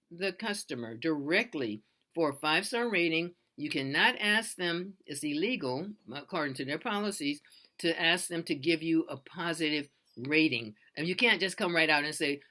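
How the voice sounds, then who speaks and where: Bright-voiced freelancer giving casual advice. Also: mid-range voice. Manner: earnest, loose and repetitive, with many restarts. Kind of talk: casual how-to advice talk.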